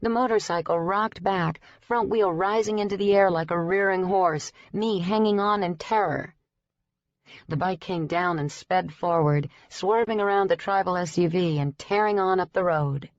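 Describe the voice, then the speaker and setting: Woman audiobook narrator, low voice, even steady read, dull dry recording. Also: moderate pace, dry recording. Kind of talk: scripted first-person narration.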